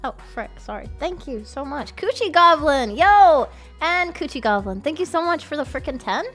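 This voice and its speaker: An excitable woman streamer chatting with her viewers. Her voice sits high and swings widely, and she often swears and shrieks. Faint music plays in the background. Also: normal speed. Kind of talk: casual livestream chat.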